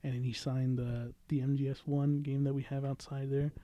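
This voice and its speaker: A man hosting a podcast in casual chat, excitable and swearing freely. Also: mid-range voice, moderate pace, no echo, dull audio. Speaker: podcast host.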